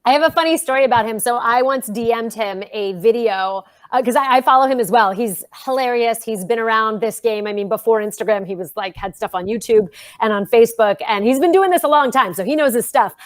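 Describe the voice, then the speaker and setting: New york woman cohosting, emphatic and upbeat, kinda high voice, very dry sound. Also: fairly quick, few pauses, no echo. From Queens, New York. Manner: energetic, emphatic, storytelling. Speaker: co-host and reporter. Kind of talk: casual panel chat and opinion segment.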